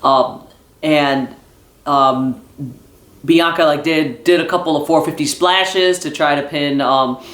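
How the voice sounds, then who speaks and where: A man talks through a wrestling event in a casual, rambling vlog, full of fillers and restarts. His voice sits a little high for a man, and the room around him is echoey. He sounds like an excited fan. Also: slow. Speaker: wrestling vlogger.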